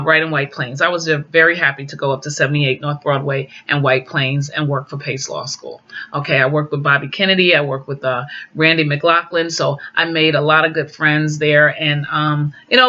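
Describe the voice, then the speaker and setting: Animated storytelling woman, bright voice. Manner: animated, acts out quoted dialogue with pitch jumps. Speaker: guest sharing personal stories. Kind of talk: casual storytelling. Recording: dull lo-fi recording.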